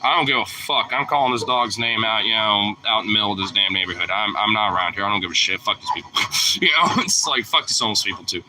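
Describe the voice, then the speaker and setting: A man's voice: lowish voice, fast talker, background noise. A young man vlogging, telling a rambling, profane story in casual chat, full of filler words.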